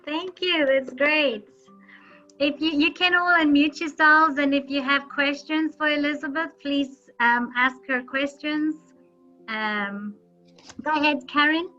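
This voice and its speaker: A woman's voice: sits high, steady tone, measured pace, bright, forceful tone, lo-fi sound, soft background music. A woman hosting an online meeting, chatty and encouraging as she thanks and introduces speakers. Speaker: host.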